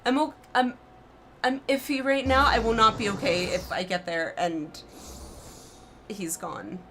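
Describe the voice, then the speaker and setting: A woman's voice: mid-range voice, a little slow, background noise. Emotional young woman reacting to a game. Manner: expressive, talks to herself, reacts out loud. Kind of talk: emotional let's-play reaction.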